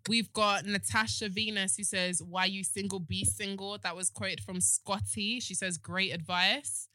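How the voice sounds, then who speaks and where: A woman's voice: mid-range voice, fairly even intonation, sharp tone, no echo. A young woman, co-hosting a podcast in frank, playful casual chat. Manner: frank, playful, quick banter. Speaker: podcast co-host.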